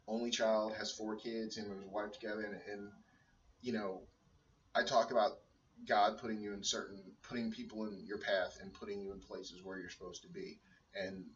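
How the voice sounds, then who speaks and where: An earnest man in his thirties rambles through a personal video blog, restarting his sentences often. His voice sits a little low and sounds set back from the mic. The room echoes and the sound is dull, with faint noise behind him. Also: a bit bright. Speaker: personal trainer and stay-at-home dad. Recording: roomy, dull sound from a distance.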